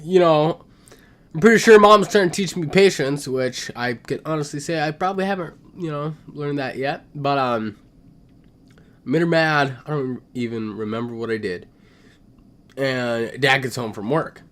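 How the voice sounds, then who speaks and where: A young man telling a comedic story, swinging between loud outbursts and muttered asides. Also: medium pitch, unhurried, long pauses.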